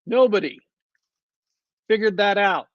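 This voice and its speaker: A man talks at an unhurried, drawn-out pace, sardonic and rambling as he reviews a show, filling gaps with ums and uhs. The sound is dry and a little muffled, like a plain home mic. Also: high voice, no echo. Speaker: podcast co-host reviewing shows. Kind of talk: casual podcast chat.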